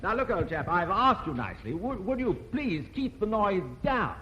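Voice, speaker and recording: A man's voice: high voice, sing-song, normal speed, bright, forceful tone, lo-fi sound, slight background noise, exaggerated voice. A man with an English accent playing a polite, fussy businessman who stammers, in a 1950s TV sitcom. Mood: exasperated. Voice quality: stammering, genteel. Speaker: company representative.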